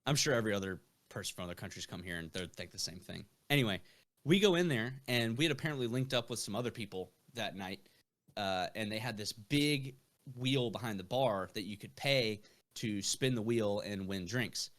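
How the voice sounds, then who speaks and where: A man's voice: on the low side, brisk, fairly bright tone. A young man who is a podcast guest, telling rambling anecdotes full of fillers and swearing. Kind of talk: casual storytelling.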